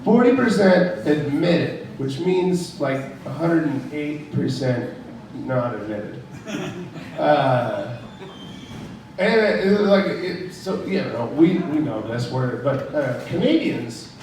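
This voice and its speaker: A man's voice: medium pitch, expressive, takes it slowly, darkish tone, a little hiss or hum. A man doing a crude, rambling stand-up comedy set on a club stage, chuckling at his own jokes. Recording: very echoey room, from far off.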